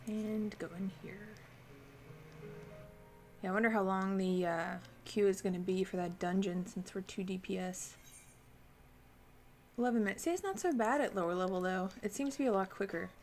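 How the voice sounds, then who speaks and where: Her voice is medium in pitch and darkish in tone, moving at a moderate pace with long pauses and a little hiss or hum. She's streaming a game, casually talking through her thoughts and answering viewers as she plays.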